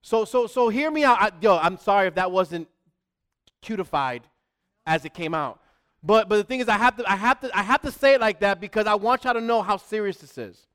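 A middle-aged man preaching a sermon with a smooth, clear, slightly high voice. He presses his points with repetition, rising loud and then dropping to a hush. The delivery is emphatic and direct. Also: expressive, fairly quick. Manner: emphatic, repeats words, swings from loud to hushed. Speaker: pastor.

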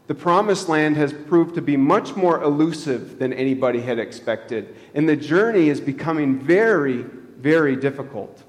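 A man's voice: fairly high pitch, lively intonation, moderate pace, hardly any pauses. A man pastor giving a conversational sermon in a church, asking the congregation questions and chuckling at his own jokes. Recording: long hall reverb.

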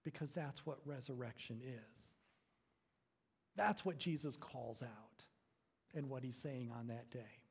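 A man preaching a sermon, building to loud emphatic phrases and then dropping low and quiet. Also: unhurried, long pauses, breathy edge. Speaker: pastor.

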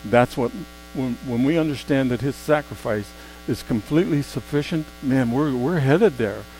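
A man preaching a sermon in a mid-pitched voice. He drops to quiet, drawn-out asides, then climbs to loud, emphatic exclamations. A faint electrical hum sits under the recording. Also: poor audio.

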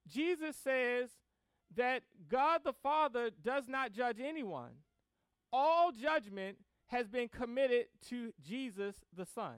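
High, smooth-voiced male preacher. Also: animated, dry recording. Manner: reads scripture slowly, then preaches with rising emphasis. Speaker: pastor. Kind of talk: sermon.

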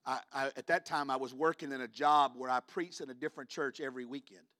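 A man preaching a sermon in a church, moving between quiet personal storytelling and loud, shouted declarations. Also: medium pitch, fairly even intonation, fast talker. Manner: shifts from hushed storytelling to shouted climaxes.

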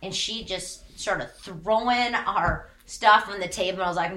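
A woman's voice: medium pitch, normal speed, hardly any pauses, bright, forceful tone, reverberant. A woman pastor in her thirties giving a candid, conversational sermon with emphatic repetition.

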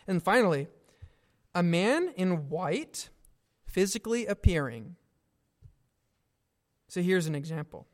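Slow, high-voiced preaching man. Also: very animated. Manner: earnest, deliberate preaching with emphatic questions. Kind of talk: sermon.

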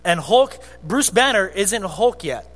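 High-voiced pastor in a reverberant hall. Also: male voice, slow pace. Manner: conversational, animated preaching with storytelling asides. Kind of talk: sermon. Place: church sanctuary. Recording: long hall reverb with faint music.

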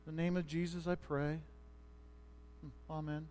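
A man's voice: fairly high pitch, little pitch movement, unhurried, darkish tone, slight background noise. A middle-aged male pastor giving a sermon in a conversational way, checking in with his listeners as he explains a passage.

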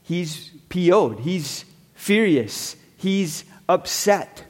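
A man's voice: sits high, expressive, drawn-out words, a little mellow, big-room sound. A man preaching a sermon, retelling a story in a conversational way and briefly acting out the characters. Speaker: pastor.

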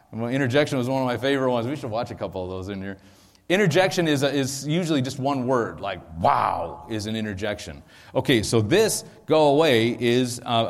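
Man, pastor, sermon, conversational, ums and asides, mic, long hall reverb. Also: mid-range voice. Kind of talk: sermon teaching. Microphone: microphone.

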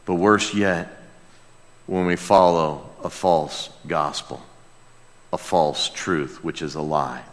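A man preaching a sermon as pastor, passionate, dropping to a hush and then crying out. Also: sits low, steady tone, takes it slowly, long reverb tail. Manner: passionate, swings from hushed to crying out.

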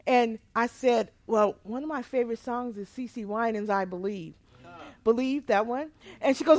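A woman pastor telling a personal testimony in a sermon, moving between quiet, hushed storytelling and loud, emotional outbursts. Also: fairly high pitch, no echo.

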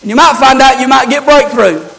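A preacher man delivers a fervent sermon in a very high, gravelly voice. He calls out to the congregation and climbs into shouts at the peaks. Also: a little fast, rough recording. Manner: rising to shouts, call-and-response preaching.

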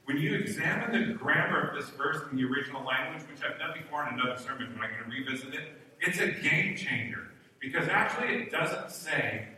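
A man's voice: a little high, expressive, normal speed, bright, forceful tone. A man preaching a sermon in a conversational, humorous way. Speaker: pastor. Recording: echoey hall from far off.

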